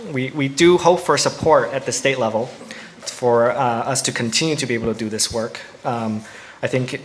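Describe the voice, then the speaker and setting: A man's voice: mid-range voice, a little hiss or hum. Hesitant man emceeing a ceremony. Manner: hesitant, many ums. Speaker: housing developer representative. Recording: echoey outdoor event with faint crowd.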